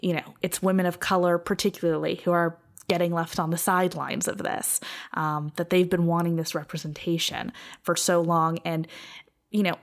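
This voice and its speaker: A woman's voice: on the low side, flat delivery, normal speed, vocal fry. Effusive woman podcast co-host. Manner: effusive, gushing. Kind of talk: casual chat.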